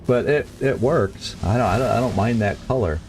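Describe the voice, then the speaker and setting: A man's voice: mid-range voice, moderate pace, darkish tone, slight background noise. A man streaming a game, chatting casually and stumbling over tricky words as he reads lore. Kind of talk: let's play commentary.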